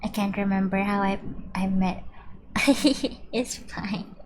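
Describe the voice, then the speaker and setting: A woman's voice: mid-range voice, takes it slowly. A woman chatting bubbly and casually with viewers while playing a game on stream. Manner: chatty and bubbly, reading out chat.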